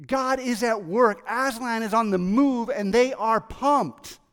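An excitable preacher with a very high, light voice delivers his sermon, acting out the people in the story as he goes. The sound rings with the long reverb of a large hall. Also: slow, clean tone. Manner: excitable, animated, acts out quoted voices. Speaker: pastor.

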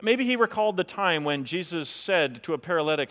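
High-voiced preacher in a reverberant hall. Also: male voice, brisk. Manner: animated, acts out quoted voices. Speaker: pastor. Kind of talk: sermon.

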